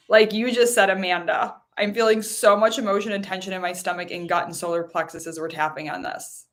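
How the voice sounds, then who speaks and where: A married woman hosting a guided tapping meditation. She speaks in slow soothing prompts, then tells her own story in a lively, chatty way. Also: lowish voice. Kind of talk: guided meditation and personal talk.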